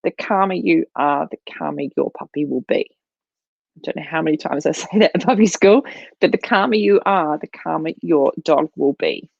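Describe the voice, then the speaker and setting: A woman with a low, gravelly voice talks through puppy training in a live question-and-answer stream from her home. She is chatty and practical, with many ums along the way. The sound is dull and lo-fi, close and dry. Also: normal speed, a little mellow, no room sound. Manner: chatty, filler-heavy, practical. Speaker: dog trainer. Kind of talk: live Q&A advice. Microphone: livestream mic.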